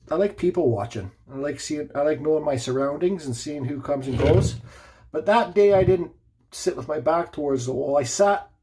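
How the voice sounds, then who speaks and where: Husky-voiced man telling a rambling story. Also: a little high, darkish tone. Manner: rambling, restarts and asides. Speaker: woodcarver. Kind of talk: casual storytelling vlog.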